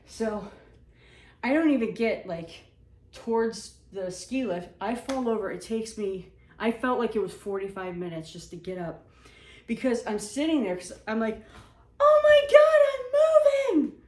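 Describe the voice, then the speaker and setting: Woman storyteller, casual and self-mocking, mid-pitched voice, echoey room. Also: normal speed, far from the mic. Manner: animated, self-mocking, acts out shrieks.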